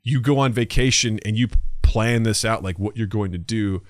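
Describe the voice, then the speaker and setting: A man's voice: fairly low pitch, normal speed, dry recording, studio quality. A man in his thirties co-hosting a podcast in casual chat, telling stories animatedly and acting out the people he quotes. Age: 30s. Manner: animated storyteller, acts out quotes. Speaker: podcast co-host.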